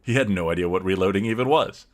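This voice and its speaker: A man's voice: sits low, fast talker. A man narrating his character's actions in first person as a player in a tabletop story game. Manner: steady, descriptive narration.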